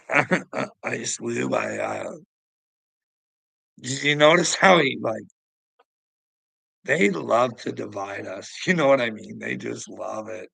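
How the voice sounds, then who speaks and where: Rambling man with a gravelly, husky voice. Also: medium pitch, sing-song, takes it slowly, pauses often, pushed and bright, no room sound, poor audio. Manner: laughs often, swears, rambles and addresses viewers. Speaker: livestream host. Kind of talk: rambling casual livestream chat.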